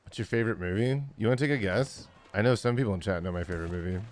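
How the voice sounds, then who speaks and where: A man's voice: on the low side, very fast, a little hiss or hum. A man in his forties, tired, chatting casually and rambling with lots of fillers while streaming a game. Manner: rambling, many fillers, chuckling often. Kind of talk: casual gaming livestream chat.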